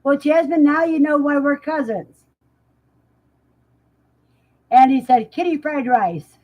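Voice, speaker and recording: Woman livestream host, easygoing and slow-spoken, a touch high, muffled lo-fi audio. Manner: unhurried, chatty, laughs often. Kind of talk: casual chat, reading out live comments.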